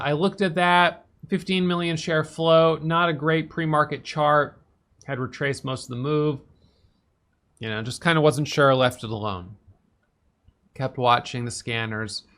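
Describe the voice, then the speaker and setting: A tired man casually recapping his day's stock trades, talking fast with lots of fillers and restarts. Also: fairly bright tone. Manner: fast, filler-heavy talk with restarts, "boom" for quick actions. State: tired, yawning.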